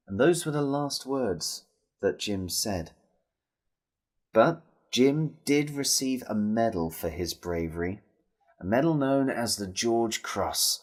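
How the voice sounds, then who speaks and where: Man from England telling children a folk tale, slow with a lively, swinging voice. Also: mid-range voice. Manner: expressive, addresses listeners directly. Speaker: storyteller. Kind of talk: storytelling for children.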